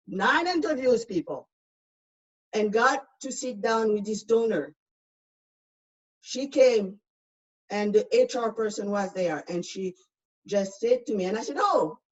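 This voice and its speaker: Accented woman panelist, outspoken and emphatic, dull distant call audio. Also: mid-range voice. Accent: foreign accent. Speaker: panel speaker. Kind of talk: personal testimony in a panel discussion.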